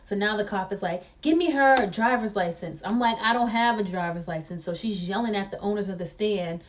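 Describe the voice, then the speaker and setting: Casting: young woman vlogger, animated storyteller, mid-pitched voice, set a little back from the mic. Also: a little fast, recorded from a distance. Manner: excitable, acts out quoted voices.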